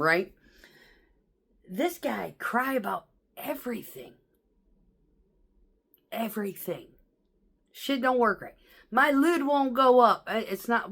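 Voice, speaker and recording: A woman vlogger telling blunt, profane stories about coworkers in a casual, animated way, mimicking the people she talks about. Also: medium pitch.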